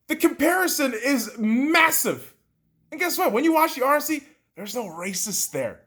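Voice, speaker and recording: Man ranting, swearing, pitch swinging widely. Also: very animated, fairly quick. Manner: heated, profane, mocking; swings from loud outbursts to low muttering. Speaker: podcast host. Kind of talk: profane political rant.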